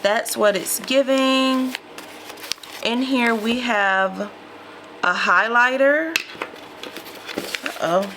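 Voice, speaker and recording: A woman's voice: on the high side, very slow, pauses often, background noise. A woman vlogger chatting casually to her viewers while unboxing a mystery box, calling them y'all. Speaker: lifestyle vlogger.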